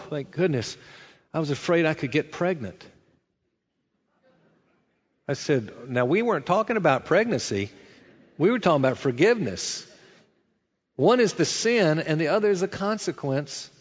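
Guy preaching a sermon, earnest and chatty, big hall echo, kinda muffled sound. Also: a little high. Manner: earnest, conversational preaching with rhetorical questions. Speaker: pastor. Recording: dull sound with long hall reverb.

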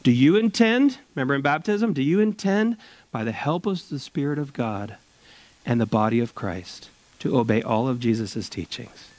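A man preaching a sermon at a church service, drawing out key phrases slowly for emphasis. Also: mid-range voice, animated, darkish tone, dry recording. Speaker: pastor.

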